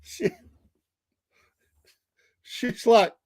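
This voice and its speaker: A middle-aged man with a Southern drawl spins stories in a relaxed, chatty way, often breaking into laughter and little acted voices. His voice sits a bit high for a man. The sound is dry and close to the mic. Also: moderate pace, no room sound. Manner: animated, laughing storyteller who acts out quoted voices. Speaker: podcast host. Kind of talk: casual storytelling chat.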